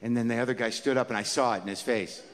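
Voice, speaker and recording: A man's voice: medium pitch, steady tone, quick pace, long reverb tail, noisy background. A man performing a stand-up comedy set, talking conversationally and ranting in mock exasperation.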